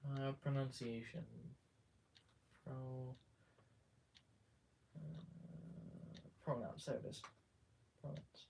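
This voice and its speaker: A man chatting casually on a live stream, rambling and halting, muttering to himself and trailing off between thoughts. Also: mid-range voice, fairly even intonation, background noise. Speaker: livestreamer.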